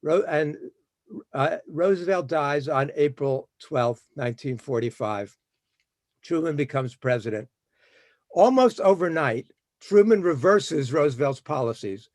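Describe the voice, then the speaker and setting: Brisk man telling history. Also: fairly high pitch, animated, darkish tone, dry recording. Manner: storytelling, brisk with fillers. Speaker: historian speaker. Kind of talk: history talk.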